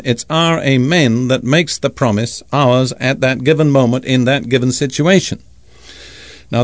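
A man preaching a sermon, teaching from scripture in an emphatic, measured way. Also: mid-range voice, dry recording.

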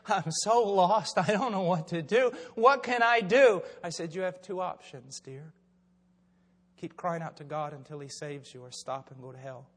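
An older man preaching, telling stories in a low, hushed voice, then building to loud, shouted exhortation. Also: long reverb tail. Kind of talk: sermon with storytelling.

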